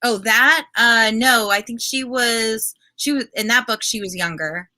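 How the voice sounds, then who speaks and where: A woman's voice: a little high, a little slow, sharp tone. A woman co-hosting a casual book chat, giving blunt, exasperated opinions with some hesitation. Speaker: co-host.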